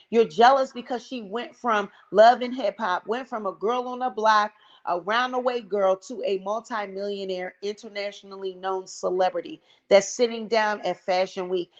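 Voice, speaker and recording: A woman's voice: medium pitch, dull audio. A woman hosting a casual gossip commentary vlog, blunt, sassy and profane. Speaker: vlog host.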